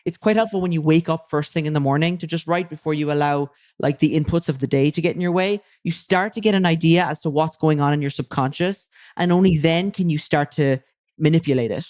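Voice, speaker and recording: A woman's voice: deep voice, a little fast, a little mellow, no echo, clean studio sound. A woman speaking as a guest coach in a casual podcast interview, emphatic and loose, with casual swearing.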